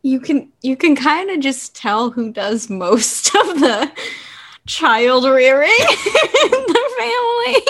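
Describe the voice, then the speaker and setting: Young woman, casual chat, high lively voice, slow and hesitant, laughs often. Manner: hesitant, trailing phrases, laughing.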